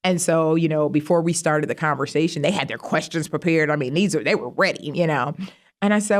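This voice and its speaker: A middle-aged woman, a university vice president, telling stories in a casual interview, animated and jumping high in pitch when she quotes herself. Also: fairly quick. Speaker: guest, university vice president of student affairs.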